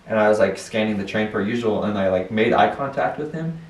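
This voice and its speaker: A young man co-hosting a casual podcast, telling stories in an animated way with frequent laughs. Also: on the low side, brisk. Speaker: podcast co-host. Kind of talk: casual chat. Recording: roomy, distant mic.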